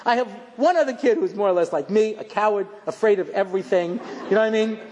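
High-voiced man lecturing in a reverberant hall. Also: fast. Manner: animated and self-mocking, acts out scenes. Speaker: rabbi giving a lecture. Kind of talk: humorous storytelling lecture. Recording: long hall reverb, faint background noise.

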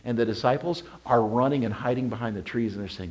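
A pastor preaching a sermon to his congregation, asking them questions and repeating key words for emphasis, moving between a hushed retelling and loud, forceful exhortation. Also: mid-range voice, fast talker.

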